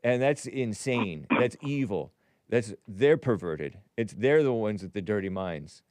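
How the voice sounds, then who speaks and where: A man's voice: on the low side, lively intonation, unhurried, a little mellow, no room sound, studio quality. A man hosting a call-in talk show, musing aloud in a wry way and often trailing off.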